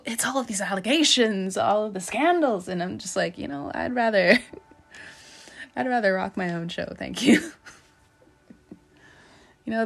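A young woman hosting a podcast, giving a casual, chatty tarot reading with frequent laughs and loose filler-heavy talk. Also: on the high side.

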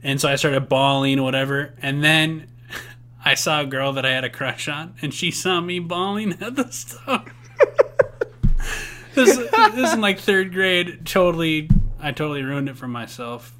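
Bright-voiced joking young man. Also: fairly high pitch, a little hiss or hum. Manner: joking, laughs often, quick bursts of enthusiasm. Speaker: podcast co-host. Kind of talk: casual chat.

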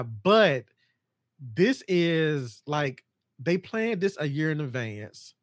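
A man hosting a casual podcast chat about horror films, excitable and jumping into high voices to act out scenes. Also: slow, dry recording, studio quality. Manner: animated, acts out scenes in a high mocking voice. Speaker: podcast host.

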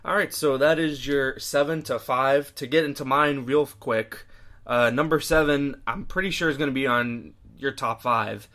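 A man's voice: mid-range voice, moderate pace, fairly bright tone. Easygoing young man podcast co-host. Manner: easygoing, agreeable, hesitant. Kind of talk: casual chat.

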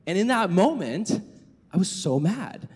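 A young man preaching to a youth group, telling a story with animated delivery and casual filler words. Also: high voice, unhurried, slightly rough. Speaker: youth pastor. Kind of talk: sermon to youth. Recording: echoey hall reverb.

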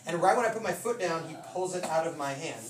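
A man's voice: fairly high pitch, expressive, quick pace. A man preaching a casual sermon, telling stories with laughs and voiced asides. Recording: roomy hall from a distant mic with noise.

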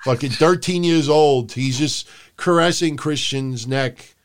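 A man co-hosting a wrestling podcast, recapping the show in casual, profane chat and shouting out quotes in a high voice. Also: a little slow, slight background noise. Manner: animated, profane, mimics people in loud high shouts. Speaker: podcast co-host.

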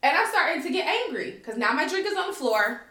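A young American woman telling a story in animated casual chat, acting out quotes, swearing and laughing often. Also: high voice, quick pace. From United States. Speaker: storyteller guest. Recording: echoey room.

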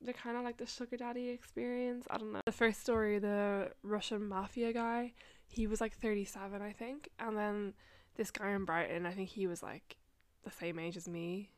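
A young woman hosts a podcast and tells a story in a relaxed, chatty monologue. She speaks at a middle pitch and laughs often. She swears freely and fills her sentences with "like". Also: normal speed. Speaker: podcast host.

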